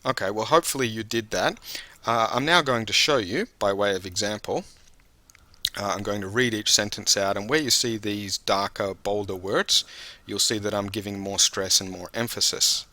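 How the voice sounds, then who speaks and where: Bright-voiced male English teacher. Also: on the low side, moderate pace, dry recording. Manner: patient, explanatory, addresses the viewer directly. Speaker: English test-prep teacher. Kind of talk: instructional video lesson.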